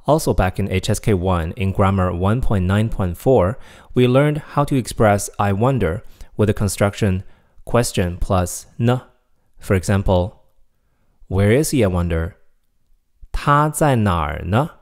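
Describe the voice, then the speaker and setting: A man teaching a recorded video language lesson, slowing down to model example sentences clearly. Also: fairly low pitch, a little mellow.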